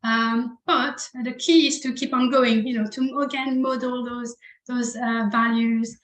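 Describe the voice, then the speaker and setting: A woman presenting an online training session for language teachers. She speaks encouragingly, often checks in with "okay?" and "you know", and slowly demonstrates sounds for her listeners to repeat. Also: on the high side, little pitch movement, reverberant, rough recording.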